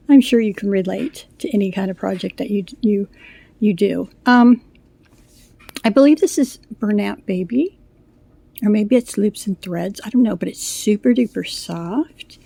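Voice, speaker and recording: A middle-aged woman shows off her crochet pieces in a chatty, gushing way, rambling along with fillers. Her voice is mellow and relaxed, and she sounds a little out of breath. The recording is dry and close, with no room sound. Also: medium pitch, unhurried, vocal fry, pauses often, breathy edge, no room sound. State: slightly out of breath. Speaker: crochet vlogger. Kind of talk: casual show-and-tell chat.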